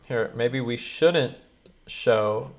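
A man's voice: mid-range voice, very slow, slight background noise. Guy streamer hyped reacting to a clip, chatting with viewers. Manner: excited, talks straight to chat. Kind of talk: live-stream reaction chat.

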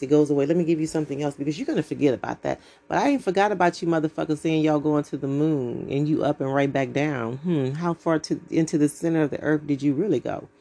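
A woman's voice: sits low, mellow. A woman from the United States, hosting her own podcast in a blunt, profane, preachy monologue. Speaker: podcast host.

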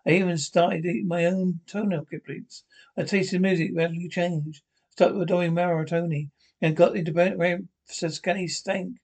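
An actor playing a smug, prissy space officer who rambles through a confession in a rapid, breathless rush. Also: male voice, high voice, fairly even intonation, a little mellow. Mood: giddy. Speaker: sitcom character. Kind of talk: broadcast sitcom acting.

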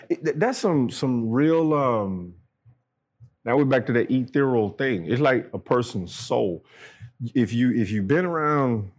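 Profane middle-aged man telling war stories. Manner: profane, blunt, acts out quoted dialogue with jumps in pitch. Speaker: podcast guest, military veteran. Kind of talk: casual storytelling chat.

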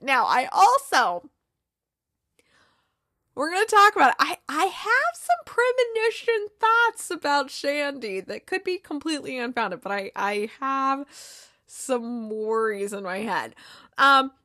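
A woman hosting a casual episode recap, retelling scenes with quick quoted dialogue and frequent laughs. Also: high-pitched, bright, forceful tone, no echo, clean studio sound. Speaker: podcast host recapping a TV episode.

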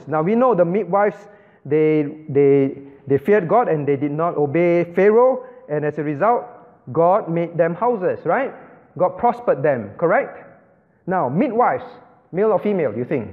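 A man's voice: a little high, expressive, normal speed. A man pastor teaching a sermon, explaining step by step and often asking the audience if they follow, with some non-native English phrasing. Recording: phone-like band, long hall reverb.

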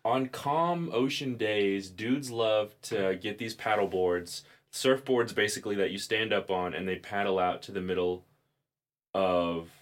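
Brief: male podcast host, somewhat low voice, loose rambling chat with laughs and swearing. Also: unhurried. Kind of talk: casual chat.

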